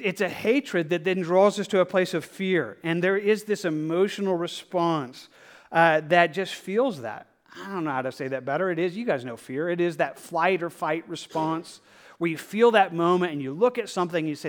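A male pastor preaching a verse-by-verse sermon in a fairly high voice. He talks earnestly and conversationally, slipping into the inner voice of a struggling believer. He trips over his words and restarts often. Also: moderate pace. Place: church sanctuary.

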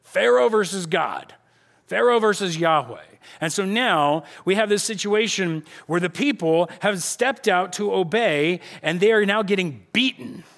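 A middle-aged male pastor preaching a sermon on a church stage, telling the story with lively acted-out voices. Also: high voice, measured pace, vocal fry. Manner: animated storytelling, acting out voices of the people.

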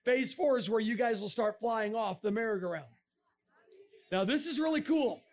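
Man, high voice, animated, jokey talk, sudden shouts. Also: moderate pace. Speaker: speaker. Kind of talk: comic science-and-faith talk to a crowd.

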